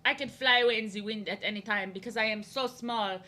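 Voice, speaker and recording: A woman's voice: mid-range voice, a little fast, pushed and bright, lightly acted. A woman putting on a mock to play a haughty, boastful young woman who teases people. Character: snooty petite young French woman, mocking.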